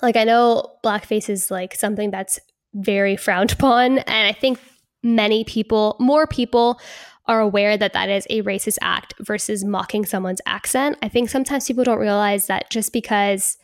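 A young woman with a slight Hispanic American accent, co-hosting a casual discussion in an earnest, measured way with "um" pauses. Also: mid-range voice, dry recording, studio quality. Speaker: co-host.

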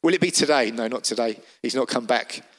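A man's voice: medium pitch, brisk. A man preaching a sermon, telling the story vividly and with emphasis.

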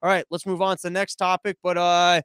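A man's voice: high voice, monotone, fairly quick, fairly bright tone, clear, resonant tone, dry recording, studio quality. A man hosting a podcast as a live stream, rambling through viewer comments in a sarcastic, crude, offhand way. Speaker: podcast host.

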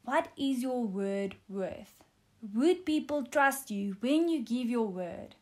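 Slow-talking earnest woman giving testimony. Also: fairly high pitch, lively intonation, a little mellow. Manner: earnest, with frequent um fillers. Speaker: speaker sharing a testimony. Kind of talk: devotional testimony talk.

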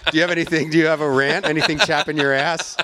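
A podcast host with a slightly high voice tells an angry story fast and full of profanity, acting out the people he quotes. The recording sounds dry, and his casual delivery is animated.

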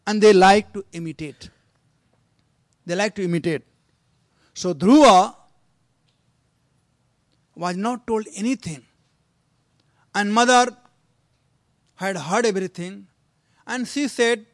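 A man's voice: high-pitched, takes it slowly, long pauses, dry recording. Male preacher, sermon storyteller. Earnest, exhorting, dry close sound.

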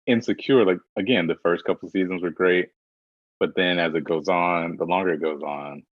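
A man co-hosting a casual pop culture chat, sassy and dismissive with drawn-out asides. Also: deep voice, steady tone, dry recording. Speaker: podcast co-host. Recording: dry, dull lo-fi sound.

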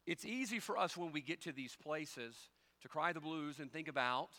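A man preaching a sermon as pastor, folksy and conversational, moving between quiet storytelling and loud, rising exhortation. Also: fairly high pitch, lively intonation, a little fast.

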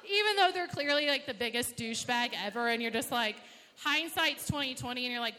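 A woman's voice: a little high, animated, fast, bright, forceful tone. A woman telling a personal story to a live audience, swearing often and acting out her own reactions. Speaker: storyteller at an open mic. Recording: echoey hall.

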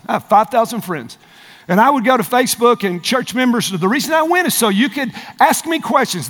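A male pastor preaching a sermon, emphatic, calling out to the congregation and climbing higher and louder when fired up. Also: long reverb tail. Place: large church hall with multiple campuses.

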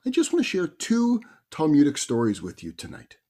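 A man who is a rabbi, telling stories in a conversational, animated sermon. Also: a little high, moderate pace. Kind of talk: sermon storytelling.

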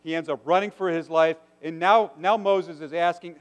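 A man's voice: a little high, fairly even intonation, normal speed, hardly any pauses. A man preaching a sermon, earnest and asking his listeners questions. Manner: earnest, asks the congregation rhetorical questions. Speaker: pastor. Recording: long hall reverb.

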